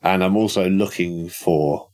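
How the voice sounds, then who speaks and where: A man's voice: sits low, fairly even intonation, unhurried, a little mellow. A man playing a tabletop horror game, planning his moves aloud in a matter-of-fact, casual way. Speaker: player.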